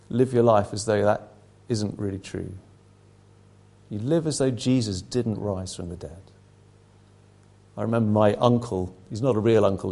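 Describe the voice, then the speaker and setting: A man's voice: lowish voice, warm tone. A middle-aged man preaching a sermon, emphatic, his intensity rising and falling.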